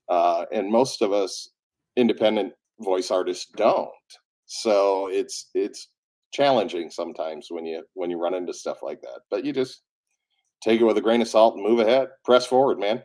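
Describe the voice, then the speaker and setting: A man's voice: fairly low pitch, a little fast. A man working as an audiobook narrator who has a cold, telling stories in a casual chat and acting out the quoted lines. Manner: animated storyteller who acts out quotes.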